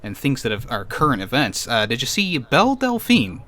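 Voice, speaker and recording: Lively, bright-voiced man, laid-back chat. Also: mid-range voice, moderate pace. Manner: laid-back, hesitant, playful. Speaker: podcast co-host. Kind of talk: casual chat.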